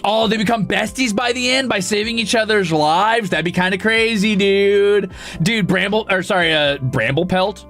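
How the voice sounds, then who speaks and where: A man streaming and chatting casually, excitable and profane, with sudden loud outbursts. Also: high voice, moderate pace, faint music behind. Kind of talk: casual live-stream chat.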